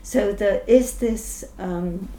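An older woman scientist answering interview questions thoughtfully, pausing often with ums and restarting sentences. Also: mid-range voice, warm tone. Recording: roomy echo, faint background noise.

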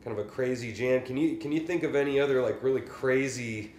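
A man's voice: mid-range voice, darkish tone. Easygoing male podcast host, echoey room. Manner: hesitant, fills pauses with "like" and "I mean". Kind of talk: casual interview. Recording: echoey room, faint background hum.

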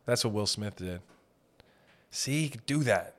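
A man's voice: lowish voice, lively intonation, a little slow, long pauses. A young man talking on a podcast in a rambling, self-deprecating comedic monologue, swearing casually. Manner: meandering, self-deprecating, swears casually, breaks into loud mock shouts. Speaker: podcast host.

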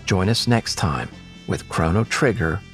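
A man narrating an adventure story in an expressive storytelling manner. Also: low-pitched, unhurried, music in the background.

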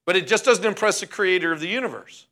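Male pastor with a bright, slightly high voice preaching emphatically, slowing down to stress key points. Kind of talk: sermon.

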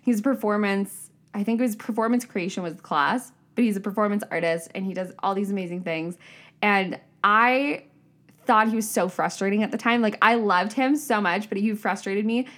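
A young woman hosting a solo podcast, talking candidly and casually, with swearing and fillers, lively when she quotes herself. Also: medium pitch, moderate pace. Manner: animated, shifting pace, upward bursts when quoting herself. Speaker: podcast host. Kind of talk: reflective solo podcast monologue.

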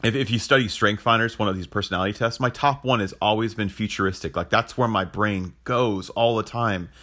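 Give me a low-voiced man in his thirties, earnest and rambling as a podcast host. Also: a little fast, a bit bright. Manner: earnest, rambling, with frequent restarts and chuckles. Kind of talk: casual reflective talk on faith.

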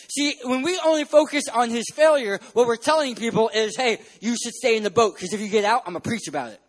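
A young man from San Diego preaching a sermon, telling playful stories with loud bursts of emphasis. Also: very high-pitched. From San Diego, California.

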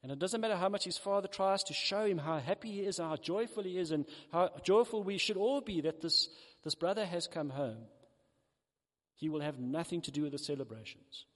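A man with a high voice delivers a sermon. He tells a parable with animated storytelling and slips into the characters' voices. His words echo with the long reverb of a large hall. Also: brisk. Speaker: preacher.

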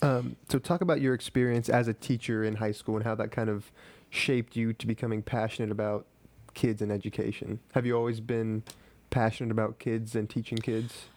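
Low, flat-voiced male radio host. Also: brisk, hardly any pauses. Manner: encouraging, frequent brief agreement. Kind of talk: casual interview.

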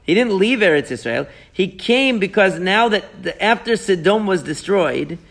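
At a moderate pace and in a high-pitched voice, a Torah teacher guides his class through the text, quoting Hebrew verses and posing lively rhetorical questions.

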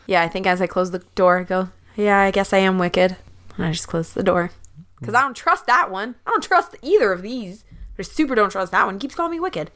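A woman playing in a tabletop game, chatty and quick to argue the rules, laughing often. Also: mid-range voice, animated, bright, forceful tone. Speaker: player. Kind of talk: casual tabletop game play.

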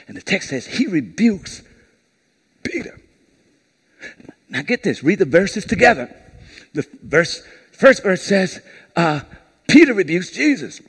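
A man's voice: unhurried, pauses often, husky. A male pastor preaching a sermon to a congregation, calling on them to repeat key words back to him. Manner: lively call-and-response preaching, asks the congregation to repeat words; acts out brief quoted voices in a lowered tone. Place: church service before a congregation.

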